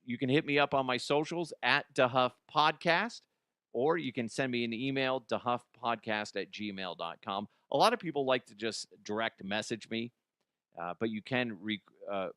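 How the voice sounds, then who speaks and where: A man hosting a comedy news podcast, ranting sarcastically with lots of swearing, swinging between loud outbursts and mutters. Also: mid-range voice, normal speed, smooth, no room sound, clean studio sound. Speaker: podcast host.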